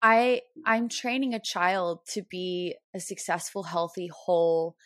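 A woman's voice: lowish voice, fairly even intonation, unhurried, no room sound, clean studio sound. A woman hosting a parenting podcast, a mother of a toddler, affirming her guest and laughing lightly as she talks. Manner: warm affirmations, laughs lightly between phrases. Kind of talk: conversational interview.

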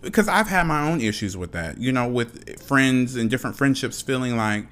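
A man's voice: medium pitch, animated, moderate pace, fairly bright tone. A man hosting a solo podcast, ranting frankly and passionately, swearing often and repeating himself. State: dry mouth. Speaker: podcast host.

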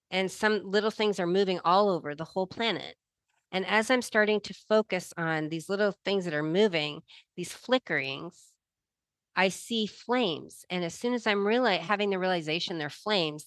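A middle-aged woman shares a personal testimony with heartfelt earnestness, her voice rising with emotion as she relives vivid moments. Her voice sits at an ordinary middle pitch, recorded close and dry with no room around it. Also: a bit bright, no echo. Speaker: guest telling a near-death experience.

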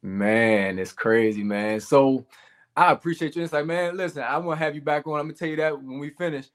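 A man hosting a sports podcast, asking his guest questions in a relaxed, conversational way. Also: fairly high pitch, a little fast. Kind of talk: casual sports talk interview.

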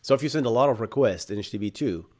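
Man, 30s, Arab accent, live-stream tech host, lively pitch, punchy then low asides. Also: rapid-fire. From Bahrain. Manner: animated, jumps between loud bursts and low asides. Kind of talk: live-streamed tech lecture with chat replies.

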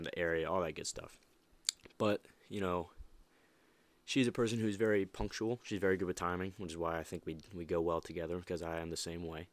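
A man's voice: low-pitched, no room sound. A young man hosting a motivational podcast, talking casually and emphatically with many restarts and fillers. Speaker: podcast host.

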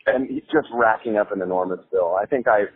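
A young man telling a casual anecdote, animated, laughing often and swearing casually, with many "like" fillers. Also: lowish voice, a little fast, no room sound. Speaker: storyteller. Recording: phone-like line with faint music.

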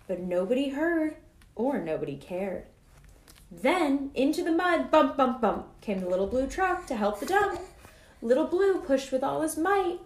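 A woman reading a children's picture book aloud in an expressive, sing-song manner. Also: sits high. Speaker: storybook reader. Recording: echoey room.

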